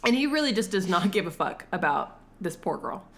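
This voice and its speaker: A woman's voice: medium pitch, a little fast. A woman in casual chat, recapping a film with lots of laughter and acted-out lines. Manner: animated, laughs often, acts out characters' lines. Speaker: podcast co-host.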